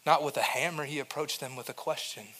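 A young adult male pastor preaching a sermon in a conversational way, moving between soft, quiet passages and emphatic, louder points. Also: fairly high pitch, fast.

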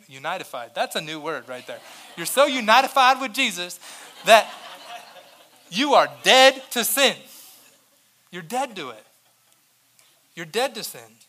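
High, bright-voiced energetic male pastor. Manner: energetic, swings between loud emphasis and quiet asides; conversational and joking with the congregation. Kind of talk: sermon.

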